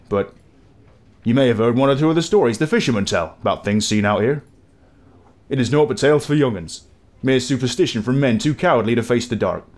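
A man voicing a grizzled old sailor in a game tavern, with a put-on West Country accent and a gruff, brooding way of telling tales. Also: lowish voice, lightly acted. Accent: West Country English, put on.

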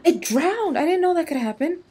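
A tired woman with a hoarse voice, chatting casually and exclaiming to herself as she plays a video game. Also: extremely high pitch, lively intonation, fairly quick, dark tone. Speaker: gaming YouTuber. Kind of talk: casual gameplay commentary.

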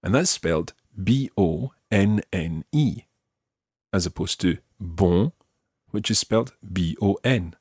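A man with a Scottish accent teaching a podcast language lesson, patiently modelling words slowly and carefully. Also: low voice, expressive, darkish tone, breathy edge, no echo, studio quality. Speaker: French teacher.

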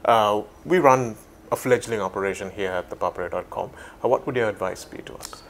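A man's voice: lowish voice, fairly quick, slight background noise. A man interviewing an older guest in a casual, friendly way, with short prompting questions and brief affirmations.

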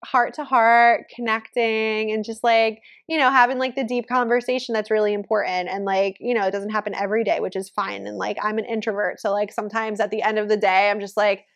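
A woman's voice: medium pitch, flat delivery, fairly quick, few pauses, fairly bright tone. A woman in her thirties hosting a solo podcast, chatting casually and gushing about her children, with "like" in nearly every sentence. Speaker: podcast host.

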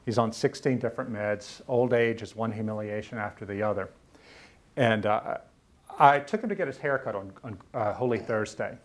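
This fairly low-pitched man, an author from Louisiana, gives a personal storytelling lecture at a university. His delivery is earnest and halting, and he repeats words when emotion catches him.

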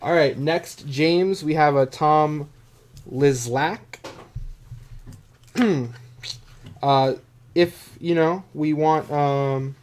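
A man hosting a live stream, opening sports card packs, joking casually and clearing his dry throat often. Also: fairly high pitch, very slow, long pauses, darkish tone.

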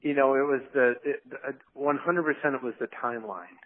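A man's voice: medium pitch, a little fast, dry recording. A man chatting in an interview, telling stories about making a film. He rambles, laughs a lot and acts out what people said. His voice is dry and tinny, as if heard over a phone. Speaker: film director, interview guest. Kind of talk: casual interview chat.

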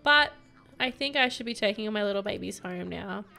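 A woman's voice: medium pitch, expressive, moderate pace, vocal fry, pushed and bright, faint music behind. Giggly, gushing young woman gamer. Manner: gushing, giggly, easily moved. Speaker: gameplay commentator. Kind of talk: casual let's play commentary.

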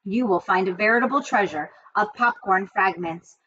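A woman's voice: medium pitch, moderate pace, sharp tone, natural voice. A wise old ewe describes things with relish, listing them one after another, as a woman puts her on. The storybook reading sounds dull and muffled, with a faint hiss. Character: wise old female sheep, persuasive.

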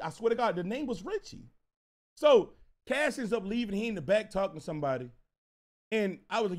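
A man telling a casual storytime, animated and profane, repeating himself as he goes. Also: very high-pitched, normal speed. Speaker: storyteller vlogger.

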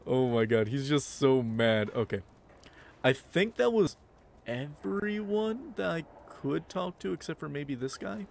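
A man's voice: fairly high pitch, lively intonation, a little slow, creaky, a little mellow. A man giving playful, slangy commentary while playing a video game, with game music behind. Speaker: gameplay commentator. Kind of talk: casual gameplay commentary.

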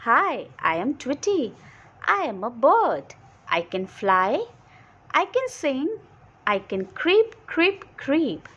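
A woman's voice: high-pitched, sing-song, slow pace, fairly bright tone, dull audio, full character voice. A woman reading the lines of a happy little songbird from a children's storybook, in a sing-song way. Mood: cheerful.

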